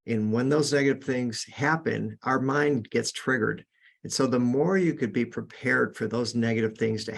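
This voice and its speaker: A man's voice: mid-range voice, vocal fry, husky. A man hosting a podcast, giving earnest, casual sales coaching with frequent restarts. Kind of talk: casual instructional talk.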